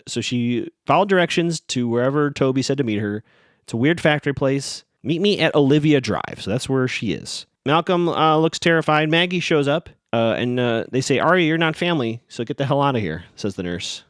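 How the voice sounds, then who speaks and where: A man podcast host rambles through an episode recap, sarcastic and amused. His pitch jumps around a lot, and the sound is dry and close. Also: dry recording.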